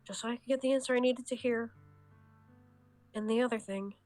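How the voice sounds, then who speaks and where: A woman's voice: fairly high pitch, steady tone, brisk, a little mellow, soft background music, lightly acted. A woman reading as a sad, forcing-cheer schoolgirl. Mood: hurt. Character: cheerful teenage girl hiding deep sadness. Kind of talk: reading game dialogue aloud.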